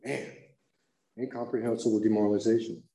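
A man's voice: on the low side, brisk, echoey room, a little hiss or hum, rough recording. Slangy man telling a recovery story. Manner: animated storytelling, acting out quoted voices, slangy. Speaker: recovery meeting speaker.

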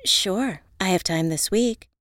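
A woman's voice: medium pitch, slow pace, a bit bright, no echo, studio quality. A woman reading the part of a friendly, upbeat woman who sounds welcoming on the phone.

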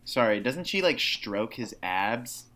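Animated, cursing podcast co-host man. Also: mid-range voice, takes it slowly. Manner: profane, animated, laughing often. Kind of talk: casual movie chat.

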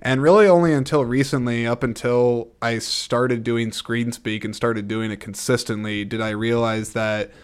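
Man in his thirties, podcast host, smooth clear voice, medium pitch, rambling casual monologue. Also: steady tone, moderate pace, few pauses. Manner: rambling, thinking aloud with frequent restarts.

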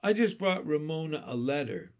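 A man's voice: fairly high pitch, sing-song, moderate pace, darkish tone. A man voicing a plain-spoken little kindergarten boy in a storybook reading, matter-of-fact.

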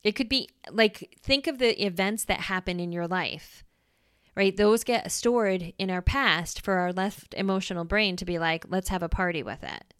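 A woman hosts a casual solo podcast with a smooth, clear voice. She explains ideas in a relaxed, chatty way and keeps checking in with the listener. The sound is close and dry. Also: medium pitch, no room sound. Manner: chatty, checks in with "right?", acts out quick voices. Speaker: podcast host.

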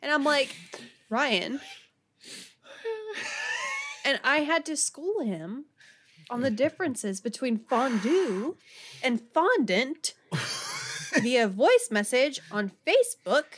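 Chatty higher-voiced woman telling a story. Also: big pitch swings, takes it slowly. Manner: chatty, laughing, frequent fillers. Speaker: podcast co-host. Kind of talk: casual storytelling chat.

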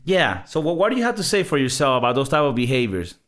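A man's voice: mid-range voice, sing-song, quick pace, a bit bright. Profane rambling podcast host, a man. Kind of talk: casual chat.

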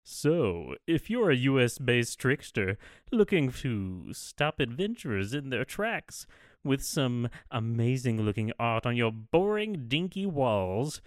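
A man's voice: medium pitch, no room sound, studio quality. A man voicing a scheming, theatrical sorcerer villain who gloats as he reads an ad. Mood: hammy.

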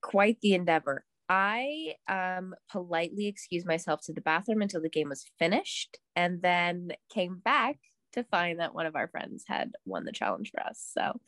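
A woman's voice: on the low side, moderate pace, no room sound. A young woman co-hosting a podcast, telling stories casually, acting out what people said and swearing. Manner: animated storyteller, acts out quotes, swears. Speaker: podcast co-host.

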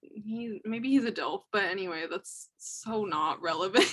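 A young woman in a casual book chat, animated and laughing, acting out scenes as she retells them. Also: mid-range voice, unhurried, husky. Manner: animated, laughing, acts out quotes.

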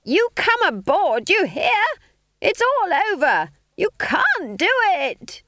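A woman voicing an earthy, blunt, bawdy old witch who yells loudly. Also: very high voice, wildly swooping pitch, slow pace, dry recording, clean studio sound, voice pushed up, exaggerated voice. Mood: shouting.

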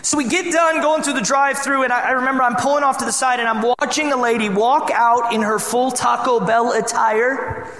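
A young man from Michigan preaching a sermon as a pastor, telling a personal story in a relaxed, conversational way and teasing the congregation. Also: very high voice, a little fast, hardly any pauses. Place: church hall. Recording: echoey hall sound.

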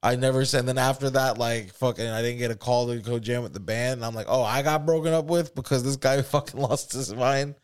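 This American podcast co-host, a man in his thirties, speaks briskly with hardly any pauses in a smooth, mid-range voice of fairly even intonation. He spins profane, rambling stories, voicing the other people in them, during a casual storytelling chat.

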